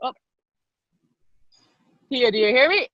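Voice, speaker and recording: A woman leading an online public speaking workshop on a video call, lively and quick-talking, encouraging the participants. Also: high voice, dry recording. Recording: dull lo-fi video call audio.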